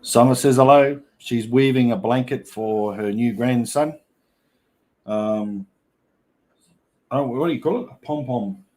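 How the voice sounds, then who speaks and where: An Australian man with an Australian accent hosts a livestream, bantering casually in a rambling, joking way. His mid-range voice is mellow and unhurried, with frequent pauses.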